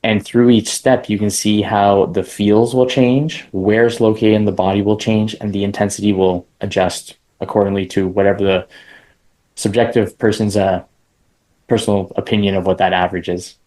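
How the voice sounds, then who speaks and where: Laid-back low-voiced man explaining steps. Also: normal speed. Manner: relaxed and conversational, with casual slang. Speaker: interview guest. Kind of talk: casual step-by-step explanation.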